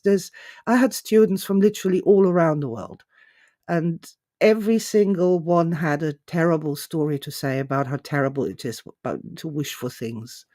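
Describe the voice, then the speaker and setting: A woman hosting her own show, telling a story in a musing, unhurried way with frequent restarts. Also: lowish voice, darkish tone, dry recording, clean studio sound. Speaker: host. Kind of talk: storytelling talk.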